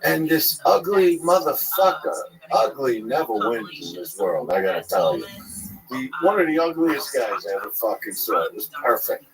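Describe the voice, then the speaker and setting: A man's voice: medium pitch, very animated, normal speed, low-quality recording. A man telling rambling, profane stories in a casual interview, acting out other people's voices. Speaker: interview guest. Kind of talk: casual storytelling. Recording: crowd chatter behind.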